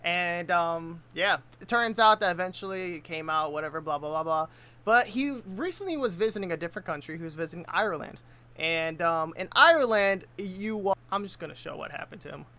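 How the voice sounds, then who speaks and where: Man, reaction commentator, casual, laid-back slang, bright forceful voice. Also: sits high, expressive, brisk.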